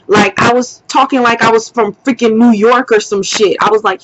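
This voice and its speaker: A young woman vlogger telling a personal story in a casual, animated way, heavy on profanity and slang. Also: mid-range voice, moderate pace, few pauses, muffled recording.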